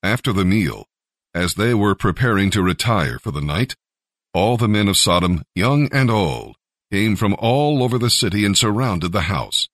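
A man narrating a scripture story with expressive storytelling. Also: lowish voice, normal speed, no room sound, clean studio sound. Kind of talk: scripture reading.

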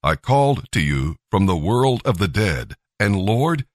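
A man's voice: fairly low pitch, big pitch swings, a little slow, no room sound, clean studio sound. A man reading as a penitent runaway prophet. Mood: solemn. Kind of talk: scripted scripture reading.

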